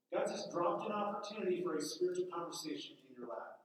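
A man giving a casual, conversational sermon, telling everyday stories with quick acted asides. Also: high-pitched, animated. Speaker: preacher. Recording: echoey room, mic far off.

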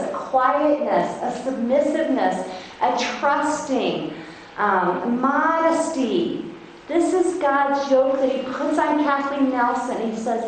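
A middle-aged woman from Iowa giving a devotional Bible talk at a women's conference, speaking earnestly and slowing down to read verses. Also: sits high. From Iowa, United States. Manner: earnest, emphatic, reads verses slowly; self-described feisty. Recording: very echoey hall, faint noise.

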